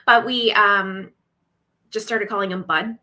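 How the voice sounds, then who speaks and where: A woman's voice: medium pitch, fairly even intonation, takes it slowly, bright, forceful tone. A woman in her forties co-hosting a live craft stream on a video call, chatty and giggly, often trailing off mid-sentence. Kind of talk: casual chat.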